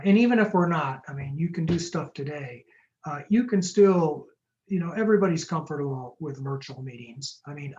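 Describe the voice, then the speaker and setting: Fast-talking jokey man on a webinar. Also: fairly high pitch, dull audio. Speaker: startup lawyer presenting a webinar. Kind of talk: webinar talk with Q&A. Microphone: video call.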